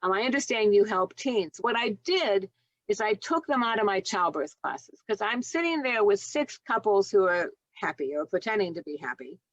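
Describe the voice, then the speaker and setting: Lively storytelling woman in her sixties. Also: medium pitch, normal speed, dry recording, dull audio. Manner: animated storyteller who acts out dialogue and laughs often. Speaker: guest, nurse and doula. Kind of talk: storytelling in a podcast interview.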